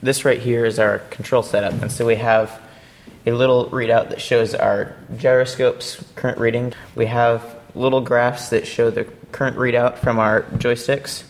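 A man's voice: medium pitch, flat delivery, moderate pace, a little hiss or hum. A young man from a robotics team giving a casual, rambling explanation of a competition robot, with playful asides.

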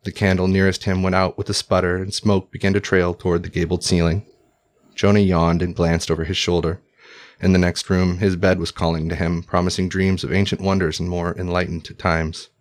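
A male narrator reading a historical tale aloud. His voice is low and deep, and his delivery is measured and formal. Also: little pitch movement. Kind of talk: audiobook narration.

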